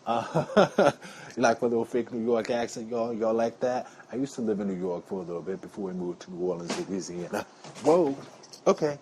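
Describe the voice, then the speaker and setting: A man chats away to his audience in a loose, rambling monologue, addressing them as y'all. His voice sits on the lower side, with faint background noise behind it. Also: fairly quick, dark tone. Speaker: vlogger. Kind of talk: casual talking-to-camera monologue.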